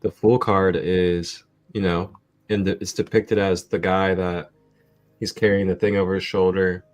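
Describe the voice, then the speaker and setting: Low slow guy cohosting a spiritual show, chill and laughs a lot, faint music behind. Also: flat delivery. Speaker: co-host. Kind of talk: casual spiritual chat.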